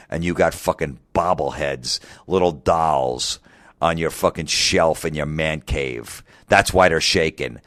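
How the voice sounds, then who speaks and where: A man's voice: a bass voice, no echo, studio quality. A comedian in his forties delivering an angry, mocking, profane comedic rant. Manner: angry, mocking, heavy swearing.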